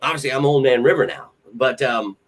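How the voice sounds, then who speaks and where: A young man from central Pennsylvania hosting a casual live stream, talking in an excitable, rambling way and swearing freely. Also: mid-range voice, brisk. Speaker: podcast host.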